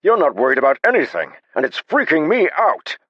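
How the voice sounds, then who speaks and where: A man voicing a panicky, excitable young male adventurer who shouts and complains. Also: unhurried, no room sound, dull audio, heavily acted. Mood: panicky shouting. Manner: shrill, shouting, agitated.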